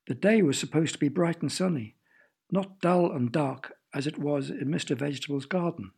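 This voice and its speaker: A man reads a children's story aloud in a gentle, playful way at a moderate pace. His gravelly, husky voice sits a little high for a man, and he pauses now and then to ask the listener questions.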